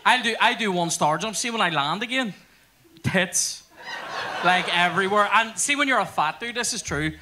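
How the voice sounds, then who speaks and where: A man's voice: high voice, expressive, normal speed, noisy background. A man telling crude stories at a live podcast on stage. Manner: crude storytelling with sweary asides. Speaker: podcast host. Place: theatre stage before audience.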